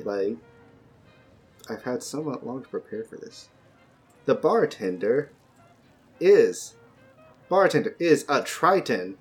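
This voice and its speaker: A man narrating as game master of a tabletop game, rambling and joking with frequent fillers. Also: mid-range voice.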